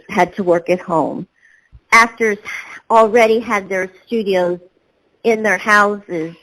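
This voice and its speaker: A woman's voice: mid-range voice, fairly bright tone, rough recording. A woman, a voice actor, answering interview questions in a rambling way with many fillers and restarts. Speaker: voice actor guest.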